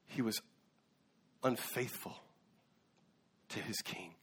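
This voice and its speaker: A man's voice: lowish voice, takes it slowly, a bit bright, slightly rough. A man preaching a sermon as a pastor, earnest, with occasional fillers and restarts. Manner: earnest, with fillers and self-corrections.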